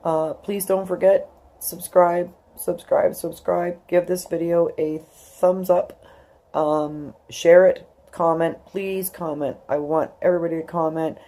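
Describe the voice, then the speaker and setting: A woman's voice: deep voice, steady tone, unhurried, warm tone. A woman in her fifties talking emotionally to her YouTube viewers, tearful and rambling with many fillers. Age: 50s. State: crying. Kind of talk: emotional personal vlog.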